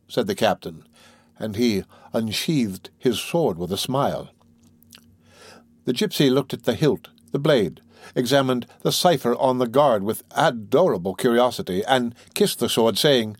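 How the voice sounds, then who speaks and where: A man's voice: medium pitch, animated, unhurried, husky, no room sound. Man narrating a classic novel. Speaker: audiobook narrator. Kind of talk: classic novel read aloud.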